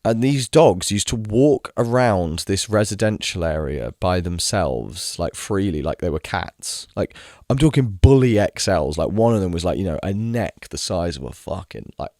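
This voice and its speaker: A man's voice: low voice, very animated, normal speed, hardly any pauses, darkish tone, no room sound, studio quality. A young man ranting in a casual monologue, exasperated, swearing freely and mimicking people mockingly. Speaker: video creator.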